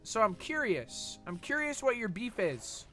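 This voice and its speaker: A man's voice: high voice, big pitch swings, a little slow, pushed and bright, faint music behind. A young man streaming a game, chatting casually and reading chat with a rambling, sweary manner full of fillers.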